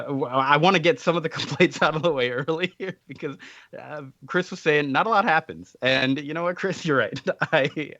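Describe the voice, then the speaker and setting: A man hosts a laid-back podcast, rambling along and laughing often. His voice sits at an ordinary pitch. The recording is dry and a bit dull. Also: a bit bright, dry recording. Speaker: podcast host. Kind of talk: casual chat.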